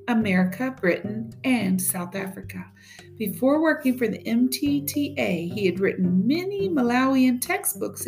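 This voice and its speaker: A woman teacher reading a memoir aloud in a steady, measured storytelling voice. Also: a little high.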